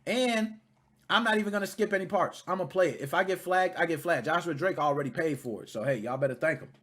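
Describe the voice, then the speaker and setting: A man hosting a video reaction, talking casually in an animated, profane, indignant way. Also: fairly high pitch, quick pace.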